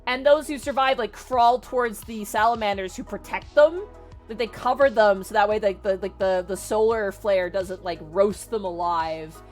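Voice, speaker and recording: A woman casually retelling a story, animated and swearing, with lots of "like" fillers. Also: mid-range voice, moderate pace, faint music behind. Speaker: streamer.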